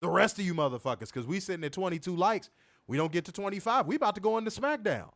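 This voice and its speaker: Man, young adult, livestream co-host, profane, animated, slightly high voice, dry room. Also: fast talker, no echo. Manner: animated, profane, trash-talking, reads chat comments. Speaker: wrestling podcast co-host. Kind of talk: casual livestream chat.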